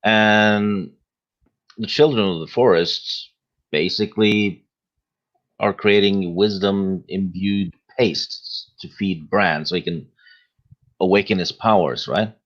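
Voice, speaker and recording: A man appearing as a podcast guest, explaining his theory at a measured pace with many hesitations. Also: deep voice, dull audio. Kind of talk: casual podcast discussion.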